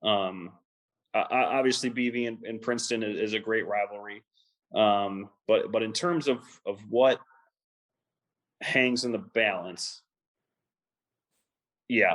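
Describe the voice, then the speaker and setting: A man co-hosting a sports talk podcast, who speaks haltingly with many fillers and restarts. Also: lowish voice, fairly bright tone, poor audio. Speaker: podcast co-host.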